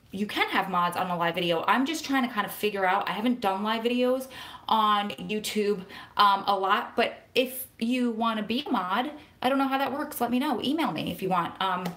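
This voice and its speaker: Fast-talking New woman. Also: mid-range voice. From New Jersey. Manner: fast-talking, excitable, rambling. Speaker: vlogger and prison wife advocate. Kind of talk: casual live-stream chat. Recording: echoey room.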